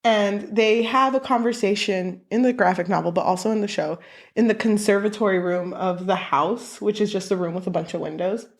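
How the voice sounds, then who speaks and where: A woman co-hosting a casual book podcast, swearing freely and acting out quotes from the story. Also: fairly quick. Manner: animated, swears, acts out quotes with big pitch jumps. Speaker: podcast co-host.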